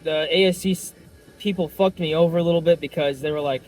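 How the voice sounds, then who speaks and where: A man's voice: a little high, steady tone, fast, a little mellow, faint music behind, rough recording. A young man who works at an auto shop, chatting casually and rambling with lots of swearing and fillers while he drives. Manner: profane, rambling, many fillers. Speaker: vlogger and auto shop worker. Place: inside a car on city streets. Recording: clear car and road noise.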